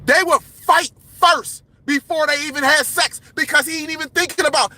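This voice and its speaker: A man hosting a livestream, ranting with passion in a confrontational, preachy way and often yelling. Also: extremely high pitch, steady tone, normal speed, hardly any pauses. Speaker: livestream host. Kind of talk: heated livestream rant.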